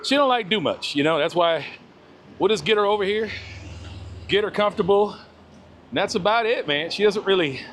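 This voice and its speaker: Guy walking and talking on a phone stream, kinda high voice, chill, greets chat, bit of street noise behind. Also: expressive, normal speed, pauses often, a bit bright. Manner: laid-back, greets chat viewers by name. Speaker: live-stream vlogger. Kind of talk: casual live-stream chat while walking. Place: outdoors on a walk.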